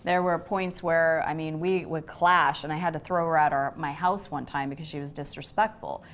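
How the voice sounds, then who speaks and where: A woman's voice: low-pitched, moderate pace. A middle-aged woman telling a personal story in a casual conversational way, acting out the voices of people she quotes. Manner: animated, acts out quoted voices. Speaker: host.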